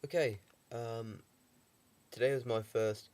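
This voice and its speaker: Young vlogger with a cold. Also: male voice, medium pitch, fairly even intonation, slow pace, darkish tone. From England. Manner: dry, rambling humour with many ums. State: has a heavy cold. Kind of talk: casual video diary.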